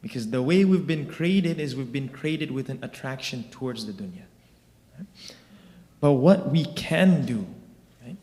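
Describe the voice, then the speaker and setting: A man leads a religious class in a relaxed, conversational way, walking listeners through everyday examples. He keeps checking in with a quick "right?" as he goes. His mid-range voice rings out with the long reverb of a large hall. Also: mid-range voice. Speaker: religious teacher.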